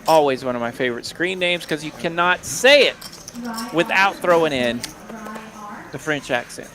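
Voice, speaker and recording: A man's voice: fairly high pitch, expressive, moderate pace. A man commentating live poker with playful, jokey banter. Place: card room broadcast booth. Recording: casino crowd noise behind.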